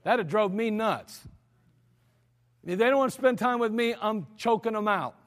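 A man's voice: high voice, moderate pace, in a large hall. A man preaching a sermon as pastor, blunt and exhorting, scolding his listeners directly.

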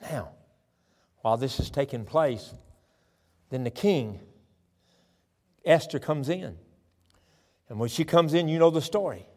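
A man with a Southern accent from Tennessee and Alabama, preaching a folksy, animated sermon with chatty asides. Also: on the high side, measured pace, long pauses. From southern Tennessee and northern Alabama. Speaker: pastor. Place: large church sanctuary. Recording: church hall reverb.

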